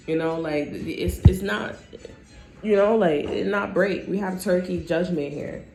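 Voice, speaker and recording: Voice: mid-range voice, gravelly. A tarot reader giving a casual, rambling reading full of cursing and asides. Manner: profane, rambling, animated. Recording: roomy echo, faint background noise.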